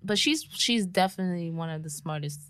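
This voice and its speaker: A woman's voice: on the low side, brisk, fairly bright tone. A woman co-hosting a podcast in casual chat, blunt and slangy, swearing casually. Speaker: podcast co-host. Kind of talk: casual chat recapping a TV series.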